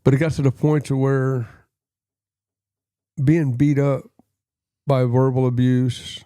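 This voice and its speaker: A man's voice: medium pitch, flat delivery, slow pace, dark tone, smooth, no room sound, studio quality. An older man telling his life story as an interview guest, earnest and plain-spoken, acting out the voices of people he quotes.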